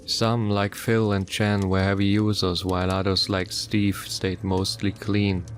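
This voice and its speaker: A man narrating a first-person horror story in a somber, measured way. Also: low voice, level tone, a little hiss or hum.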